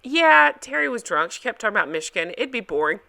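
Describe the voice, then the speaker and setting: Bright, lively woman recapping TV. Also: fairly high pitch, fast talker, gravelly. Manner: chatty, animated, jumps between topics. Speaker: recap vlogger. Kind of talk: casual TV recap chat.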